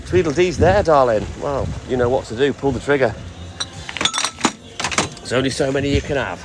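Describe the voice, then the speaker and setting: Streaming by phone from his delivery van, a milkman talks in a medium-pitched voice, extremely slowly and with frequent pauses. He chats and jokes casually with viewers and swears occasionally, while music plays clearly against a noisy background.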